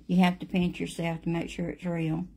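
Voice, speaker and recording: A woman's voice: on the low side, monotone, normal speed, vocal fry, darkish tone, husky. A middle-aged woman, teaching a live watercolor lesson and chatting with viewers by name. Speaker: watercolor painting instructor.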